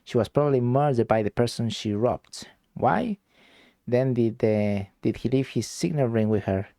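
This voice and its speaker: A man streaming a game, chatting with viewers in a slow, relaxed, rambling way. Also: mid-range voice, creaky, no room sound, studio quality. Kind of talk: casual gameplay commentary.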